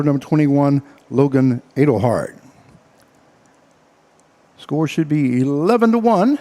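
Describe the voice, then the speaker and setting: A man calling a local baseball game as play-by-play announcer, out of breath and talking in halting bursts full of uhs. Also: on the high side, darkish tone. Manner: halting, filler-heavy play-by-play with frequent uhs. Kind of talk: baseball radio commentary.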